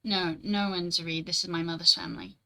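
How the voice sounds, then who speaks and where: A woman's voice: fairly low pitch, animated, a little fast, vocal fry, bright, forceful tone, poor audio. A young woman streamer in casual, rambling chat, reading and answering her chat, swearing casually and laughing often.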